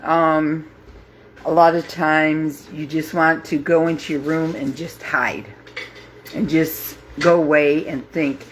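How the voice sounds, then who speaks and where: A woman in her fifties hosting a grief support group, talking live to viewers in a halting, heartfelt way with many pauses and fillers. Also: low voice, steady tone, a little hiss or hum. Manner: heartfelt, openly emotional. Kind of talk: live casual talk to viewers.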